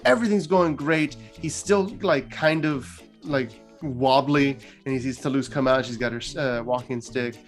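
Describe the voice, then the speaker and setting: A man's voice: medium pitch, moderate pace, hardly any pauses, faint music behind. A man hosting a gaming channel, retelling a story casually and chattily, with lots of filler words.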